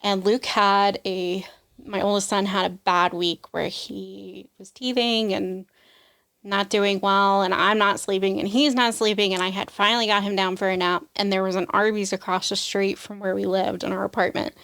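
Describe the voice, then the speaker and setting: A woman's voice: medium pitch, little pitch movement, moderate pace, creaky, fairly bright tone, clean tone. Woman, young adult, podcast guest, emotional testimony, acts out voices, says "like" often. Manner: emotional storytelling, acts out quoted voices, frequent "like". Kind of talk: personal testimony in an interview.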